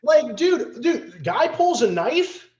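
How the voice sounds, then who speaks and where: Animated, profane man in a roomy space. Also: extremely high pitch, takes it slowly. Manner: animated, profane, acts out quotes. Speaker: podcast guest, bouncer. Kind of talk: casual storytelling. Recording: roomy, slightly dull podcast audio.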